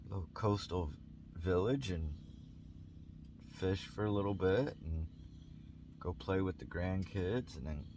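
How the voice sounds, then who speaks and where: An eager businessman, put on by a man telling a story, talking up big plans in a persuasive way. The voice is extremely deep. Clear background noise runs under it. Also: a little mellow. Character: eager American businessman giving advice.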